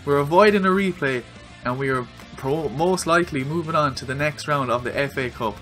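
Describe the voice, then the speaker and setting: An Irish man giving his own excitable commentary while playing a football video game, yelling at the screen during big moments. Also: medium pitch, a little fast, faint music behind. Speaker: gaming video creator.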